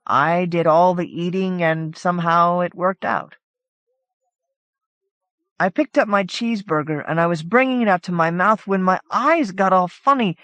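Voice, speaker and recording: A woman's voice: fairly low pitch, normal speed, a bit bright, no room sound. Woman narrating a story, dry sound. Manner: casual, conversational first-person telling. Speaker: audiobook narrator. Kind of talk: scripted narration of a short story.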